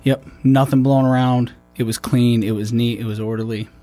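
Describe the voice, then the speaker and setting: A man's voice: medium pitch, fairly even intonation, moderate pace, mellow, faint music behind. A man, a military veteran, talking in a loose, rambling way with many restarts and fillers. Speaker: podcast host. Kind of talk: casual conversation.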